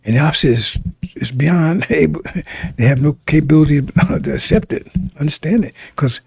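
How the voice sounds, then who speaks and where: A man delivers a sermon in a gravelly, husky voice, warm and low in tone. He hammers his points through repetition and keeps asking his listeners whether they follow. The recording is dry and close. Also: moderate pace, no echo. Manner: emphatic, repetitive, addresses listeners directly. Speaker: preacher.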